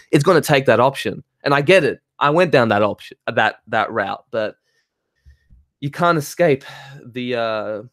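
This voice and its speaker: A man's voice: medium pitch, no room sound, studio quality. A man ranting heatedly in casual talk, swearing and laughing as he reads and answers comments. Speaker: spiritual talk host reading chat.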